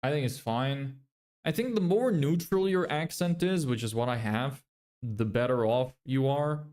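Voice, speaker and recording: Muttering blunt takes on websites while livestreaming his screen, this male business vlogger sounds casual, with a neutral accent many hear as American. He speaks at medium pitch and a measured pace, his tone a little mellow.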